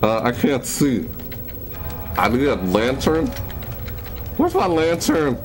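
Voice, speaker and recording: A young man, a gaming YouTuber, narrates a horror game let's play, scared and jittery, talking to himself and jumping into high yelps at sudden noises. He takes it slowly with long pauses, over background music and steady noise in a rough recording.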